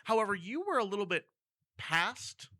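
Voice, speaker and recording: Bright-voiced man running a tabletop game. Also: high-pitched, big pitch swings, no room sound, clean studio sound. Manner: casual, halting, with many fillers. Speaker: game master.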